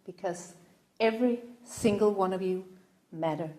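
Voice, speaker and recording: A woman giving an earnest, halting opening speech to a live audience, her voice catching with emotion at times. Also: mid-range voice, mellow. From Denmark. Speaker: event host. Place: room in front of a live audience. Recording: roomy echo.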